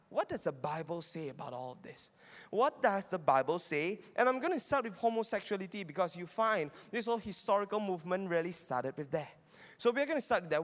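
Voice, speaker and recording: High-voiced man teaching in a reverberant hall. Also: fairly bright tone. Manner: argumentative, often asks listeners "right?". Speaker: Bible teacher. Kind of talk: teaching sermon.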